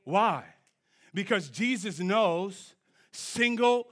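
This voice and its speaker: A man preaching a sermon in church, swinging from low, quiet lines to shouted peaks and drawing answers from the congregation. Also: lively intonation, unhurried. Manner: call-and-response with the congregation. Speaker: pastor.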